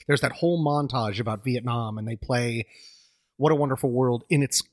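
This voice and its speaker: A man's voice: medium pitch, moderate pace, no echo. A man in his forties co-hosting a podcast, telling a self-deprecating story and laughing often between lines. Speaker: podcast co-host. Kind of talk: casual podcast chat.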